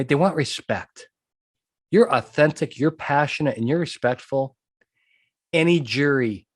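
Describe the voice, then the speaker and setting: A man's voice: medium pitch, no room sound, studio quality. A man hosting a podcast monologue who talks emphatically, repeats his key points and keeps checking in with "okay?". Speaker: podcast host and trial consultant.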